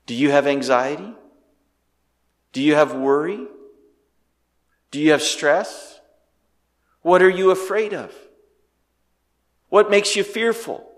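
A male pastor preaching a sermon with animated delivery, firing off rhetorical questions and swinging between loud and hushed. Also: on the high side, slow pace, pauses often, in a large hall.

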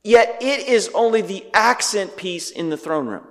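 Animated preacher in a reverberant hall. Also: male voice, high voice, unhurried. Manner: animated preaching, rhetorical questions, swings loud and hushed. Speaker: pastor. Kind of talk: sermon.

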